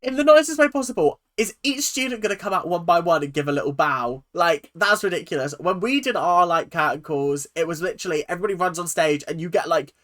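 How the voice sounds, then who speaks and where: A chatty reaction-video host, animated and swearing casually, laughing often into a close mic. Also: mid-range voice, fast, hardly any pauses, soft background music.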